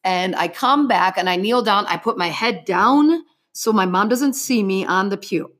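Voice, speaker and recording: A woman's voice: medium pitch, normal speed, a bit bright. A middle-aged woman giving an earnest personal faith testimony as an interview guest, telling her story vividly in the present tense.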